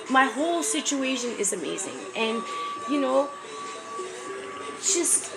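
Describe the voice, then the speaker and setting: A woman, speaking to camera from a shelter, pleading urgently and from the heart for help. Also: a little high. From New York. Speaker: mother appealing for help. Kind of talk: emotional personal appeal to camera. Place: homeless shelter. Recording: music clearly behind.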